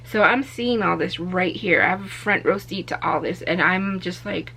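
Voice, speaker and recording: A young woman vlogger from Arizona telling a story in a casual, animated way, acting out what people said. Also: fairly low pitch, normal speed, gravelly, slight background noise. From Arizona, USA. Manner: animated, acts out quotes with raised voice.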